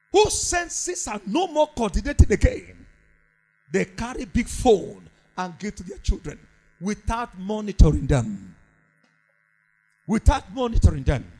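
A male preacher delivers a fervent sermon. His voice sits high and rises and falls widely in a sing-song cadence. He hammers his points home by repeating each line. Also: a little mellow, low-quality recording.

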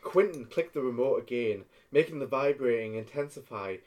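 A man's voice: mid-range voice, animated, normal speed, darkish tone. Northern english man, podcast host, reading story aloud, casual. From Hartlepool, England. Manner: reads narration steadily, breaks off to laugh and banter.

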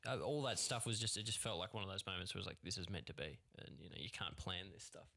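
A man's voice: low-pitched, quick pace, vocal fry, pushed and bright. A young man, a film director, chatting in a laid-back way and agreeing often. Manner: laid-back, lots of yeps. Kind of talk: casual chat.

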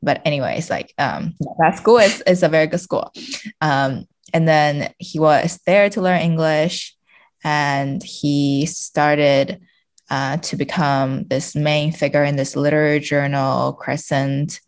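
A woman's voice: low voice, slow. A woman from China, a guest on a podcast, talking casually with lots of fillers and restarts. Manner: chatty, many fillers and restarts, laughs often.

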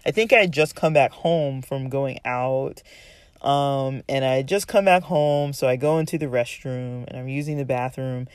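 A man's voice: a little high, smooth, dry recording, studio quality. A man telling a long, rambling story in a casual monologue, full of "like" and "um", sounding exasperated. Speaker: vlogger ranting about a roommate.

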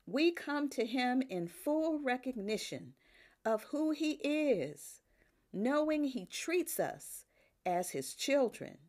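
Slow, animated older woman preaching. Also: mid-range voice. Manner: slow, emphatic preaching with rising exclamations and soft drops. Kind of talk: sermon.

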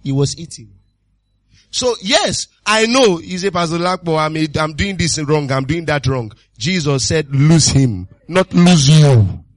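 Exuberant pastor preaching. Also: male voice, fairly high pitch, animated, a little slow, no echo. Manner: exuberant preaching, repeated calls, sudden shouts. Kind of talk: sermon.

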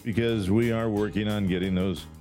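A man's voice: on the low side, steady tone, moderate pace, soft background music. A man co-hosting a casual political talk show, blunt and wisecracking. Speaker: co-host.

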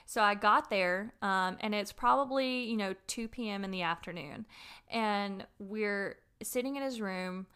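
Bright animated woman telling a story. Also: mid-range voice, a little slow, clean tone. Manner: animated storytelling with frequent swearing. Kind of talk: casual podcast chat.

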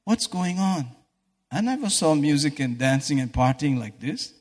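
A man's voice: fairly high pitch, animated, normal speed, darkish tone. A man voicing a resentful older son who complains indignantly, in a hall with echo.

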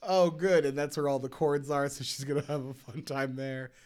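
Man, podcast host, casual chat, mid pitch, rambling, lots of fillers, laughs often, home recording. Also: steady tone, moderate pace, darkish tone. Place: home room with cats. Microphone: podcast mic at a mixer.

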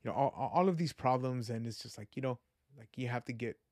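Man, podcast host, earnest, rambling, reflective, mid-pitched voice, dry close sound. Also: fast talker, a little mellow, no room sound. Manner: earnest and rambling, full of "you know" and "like"; reflective and faith-minded. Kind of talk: casual personal podcast monologue.

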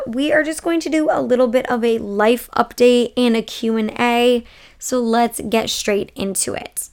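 A young woman hosting a casual podcast, chatting in a gushing, opinionated, sassy way, sleepy and yawning late at night. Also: a little high. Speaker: podcast host.

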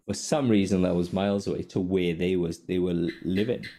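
A man's voice: sits low, a little fast, slight background noise. A man hosting a podcast in casual chat, telling stories with constant swearing and frequent laughter. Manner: animated storytelling, heavy swearing, frequent laughter. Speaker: podcast host.

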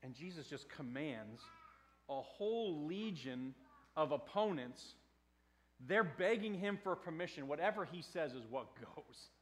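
A man preaching a sermon in a conversational way, swinging from hushed to loud. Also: a little high, lively intonation, a little slow. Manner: conversational with fillers and restarts. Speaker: pastor.

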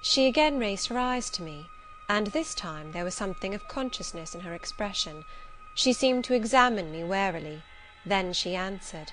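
A woman narrating a classic novel in a clear, measured, expressive reading. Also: mid-range voice, faint music behind, low-quality recording. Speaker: audiobook narrator.

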